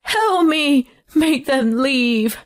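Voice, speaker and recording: Whiny panicked husband, pitched well up and thin, as a woman narrator puts him on. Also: lively intonation, slow pace, soft background music. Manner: pleading, high-strung. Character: panicky whining husband, adult man.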